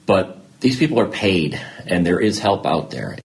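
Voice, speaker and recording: A man's voice: low-pitched, normal speed, gravelly. A middle-aged man, a podcast guest, talking candidly about his life and acting out remembered conversations. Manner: animated storyteller who acts out remembered dialogue. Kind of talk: candid personal interview.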